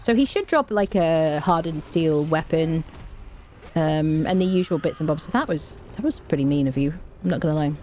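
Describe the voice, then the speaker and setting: A woman's voice: low-pitched, animated, moderate pace, warm tone, a little hiss or hum. A woman hosting a let's play, chatting casually as she plays and humming little tunes between remarks. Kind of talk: casual gameplay commentary.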